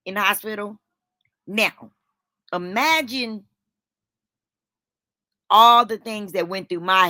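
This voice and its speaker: Casting: a lowish, bright-voiced woman vlogger, dramatic storyteller with salty language. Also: dry recording. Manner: dramatic, swears freely, talks to viewers as "honey". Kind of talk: animated storytelling.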